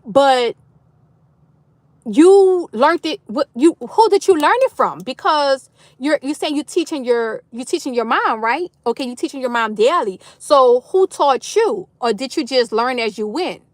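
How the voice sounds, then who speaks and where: A middle-aged woman from New Orleans with a New Orleans accent, chatting loudly and animatedly with viewers on her livestream. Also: high-pitched, unhurried, dry recording. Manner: loud, animated Southern talk with lively swings. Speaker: livestream host. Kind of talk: casual chat reading viewer comments.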